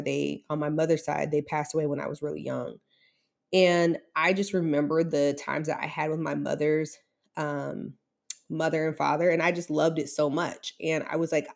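A woman's voice: sits low, gravelly. A woman in her thirties, an interview guest telling a candid, emotional personal story with many fillers.

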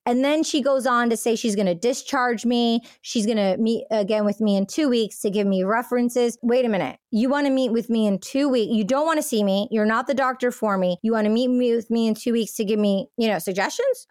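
A young woman with a fairly high voice tells a personal story in a loose, chatty monologue. She leans on "like" fillers and acts out what others said. The sound is dry and close to the mic. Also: fairly quick, hardly any pauses, no room sound. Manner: animated, frequent "like" fillers, acts out quoted dialogue. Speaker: podcast host.

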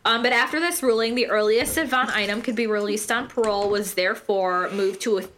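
A woman's voice: medium pitch, fairly quick, a bit bright. A woman hosting a podcast. She reads her narration in a casual way and swears freely. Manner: casual and profane, breaks off to laugh. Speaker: podcast host narrating a case. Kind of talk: read narration mixed with casual chat.

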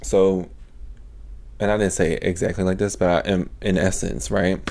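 A young man hosting a podcast, telling a story as a casual, animated rant full of profanity. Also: low voice, moderate pace, vocal fry. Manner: profane, animated, swears constantly. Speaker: podcast host.

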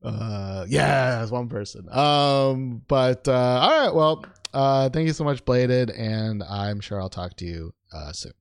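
A man's voice: medium pitch, slow, few pauses, no room sound, clean studio sound. A man hosting a casual call-in chat, joking and laughing often. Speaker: host.

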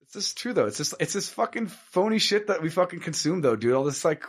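Man, casual chat, slightly high voice, swears a lot, rambling and animated. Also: brisk, slightly rough. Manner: profane, rambling and animated, heavy on "dude" and "like".

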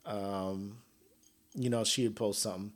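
A man's voice: on the low side, fairly even intonation, measured pace. A man hosting a casual solo podcast, joking and trash-talking with frequent laughs. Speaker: podcast host.

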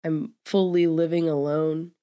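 A woman's voice: deep voice, flat delivery, a little slow, mellow, smooth. A young woman hosting her own podcast alone at home, sounding congested and nasal from a cold, rambling candidly with fillers and laughs. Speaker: podcast host. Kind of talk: casual solo podcast monologue.

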